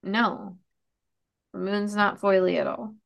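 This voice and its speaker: A woman's voice: mid-range voice, steady tone, slow pace, gravelly. A woman hosting a casual comic book chat, rambling and swearing casually as she reviews each issue. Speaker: comic book podcast host.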